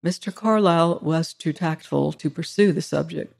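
A steady audiobook voice narrating an old-fashioned story. The reading is measured and even, with a mid-range pitch. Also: creaky. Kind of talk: scripted narration of a classic story.

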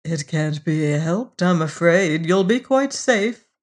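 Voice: medium pitch, lively intonation. A narrator voicing a fussy, businesslike male devil in a storybook reading, hesitant and peevish. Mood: fussy, uneasy. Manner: hesitant, then brisk and peevish.

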